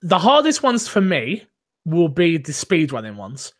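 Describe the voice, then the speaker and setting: A man's voice: a little high, measured pace. A man hosting a casual gaming podcast, joking and teasing with mock boasts. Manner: animated, joking, self-mocking boasts. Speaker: podcast host and streamer.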